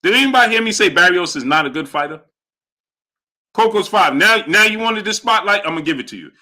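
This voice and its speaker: A man's voice: high-pitched, brisk. A young man hosts a live boxing stream. He reads viewer messages aloud and repeats his points with emphasis. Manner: animated, emphatic, repeats lines for effect. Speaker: boxing livestream host. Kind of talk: live stream chat, reading Super Chats.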